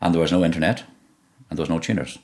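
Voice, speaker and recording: A middle-aged man from Donegal talks with a broad local Irish accent and a very deep, low voice. He tells his stories in a relaxed, meandering way, stumbling over and repeating his words as he goes. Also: racing. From Ireland (Donegal). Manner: relaxed storytelling, frequent repeated words and restarts. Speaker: musician guest. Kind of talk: conversational interview.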